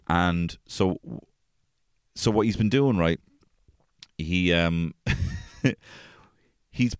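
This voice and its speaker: Deep-voiced man telling swear-filled home stories. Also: dry recording, clean studio sound. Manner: swears freely, animated, acts out quotes in a high voice. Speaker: podcast host. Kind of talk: casual storytelling chat.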